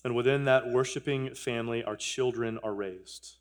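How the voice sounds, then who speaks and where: Earnest pastor preaching in church. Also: male voice, medium pitch, steady tone, moderate pace. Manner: earnest, repeats phrases, jokes with the congregation. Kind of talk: sermon. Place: church sanctuary.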